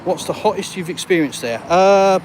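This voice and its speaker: A chatty, jokey Englishman walks and talks on a live stream, bantering with his viewers in a slightly raised voice. He holds his phone as he strolls outdoors, and clear street traffic rumbles behind him. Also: animated, normal speed. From England. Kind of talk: walk-and-talk live stream, reading viewer comments.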